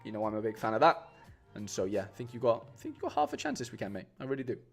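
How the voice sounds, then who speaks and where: A man's voice: lowish voice, huge pitch swings, very fast, gravelly, husky, faint music behind. Chatty man on a live stream. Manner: chatty, rambling, many fillers and restarts, says "mate" a lot. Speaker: streamer building fantasy football lineups. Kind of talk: casual live-stream chat.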